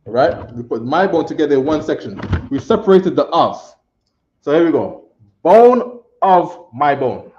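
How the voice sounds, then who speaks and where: A man's voice: a little high, animated, moderate pace, a little mellow. A man teaching a language class, patient and teasing, repeating phrases often. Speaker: Hebrew teacher. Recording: roomy dull classroom audio.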